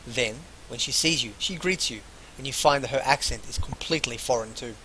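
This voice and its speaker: A man recording a game playthrough at a mid-range pitch. He reads long passages of game text aloud in full, then mutters short, casual asides between them. A faint hiss runs under his voice. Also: fairly quick. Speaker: let's player. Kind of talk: gameplay commentary and reading game text aloud.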